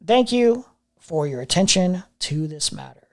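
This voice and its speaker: A streamer giving live commentary on a video, sarcastic and mocking, often repeating phrases and mumbling low asides. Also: lively intonation, unhurried.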